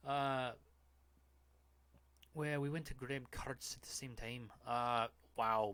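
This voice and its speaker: A man's voice: mid-range voice, steady tone, slow, pauses often, a bit bright, clean tone, dry recording. A man hosting a podcast, reading online posts aloud in a casual, mocking, profane way. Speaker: podcast host.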